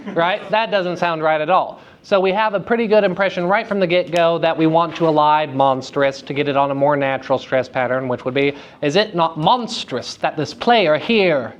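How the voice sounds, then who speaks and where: A man teaching verse speaking to high school students in a live lecture, with a playful and teasing manner. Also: steady tone, fairly quick, few pauses, clear, resonant tone, highs cut off. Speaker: drama teacher giving a lecture. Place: school room at a theater festival.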